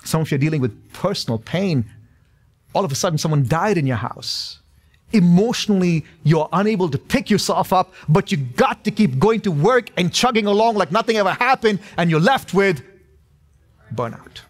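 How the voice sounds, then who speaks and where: A man's voice: sits high, animated, normal speed. A male pastor in his thirties preaching a sermon in a church, emphatic and repetitive, with touches of humor. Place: church sanctuary.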